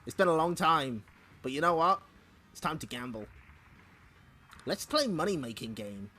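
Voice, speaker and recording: A man's voice: medium pitch, sharp tone, a little hiss or hum. A man hosting a stream, chatting casually with asides between comic panels. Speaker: streamer host. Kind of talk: casual comic read-along commentary.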